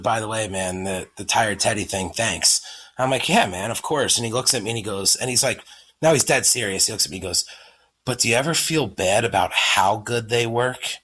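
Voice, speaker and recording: A man's voice: on the low side, a bit bright, breathy edge. A man guest on a podcast, casually telling joking stories about his kids and swearing freely. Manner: profane, joking storyteller. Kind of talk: casual chat.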